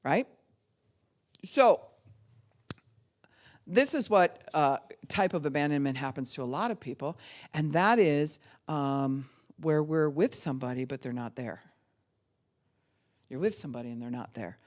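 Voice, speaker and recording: Middle-aged woman pastor, animated sermon storytelling. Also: low voice, unhurried, long pauses. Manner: animated storytelling, acts out voices of babies and dogs. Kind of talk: sermon teaching.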